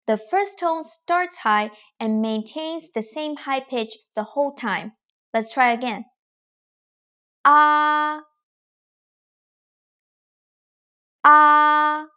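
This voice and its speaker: A woman teaching tones in a patient, clear lesson style. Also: on the high side, measured pace. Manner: patient, drills tones with long sung vowels. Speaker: Mandarin teacher. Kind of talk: clear, slow pronunciation lesson.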